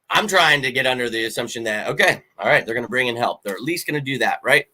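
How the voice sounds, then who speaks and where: A man hosting a sports talk show, giving a blunt, animated fan rant in casual chat with plenty of fillers. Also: medium pitch, fast talker, hardly any pauses. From Philadelphia. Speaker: sports podcast host.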